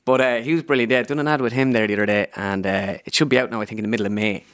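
A man's voice: medium pitch, steady tone, racing, a bit bright, smooth, no echo, clean studio sound. A young man with an Irish accent, a comedian guest telling stories in a chatty radio interview. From Ireland. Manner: storytelling, lots of fillers and impressions.

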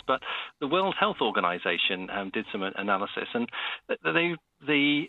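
A man, a university professor, explaining things in a radio interview, halting with many restarts. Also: mid-range voice, phone-quality sound. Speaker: meteorology professor guest.

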